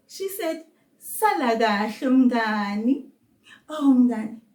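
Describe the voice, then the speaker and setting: A woman with a South African accent teaching a children's language lesson, encouraging and patient, saying words slowly for kids to repeat. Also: a little high, darkish tone, echoey room, far from the mic.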